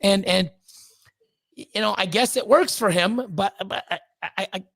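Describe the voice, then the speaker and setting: A high, gravelly man's voice with a fairly bright tone and a measured pace comes through a dry recording. He's a snake breeder guesting on a podcast, ranting bluntly with profanity and repeating words as he gets worked up.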